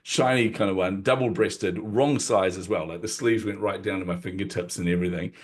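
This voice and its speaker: A man's voice: low voice, a little fast. A middle-aged man, a podcast guest, telling a personal story in conversation, acting out quotes and laughing at himself. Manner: animated, acts out quotes, self-deprecating laughs.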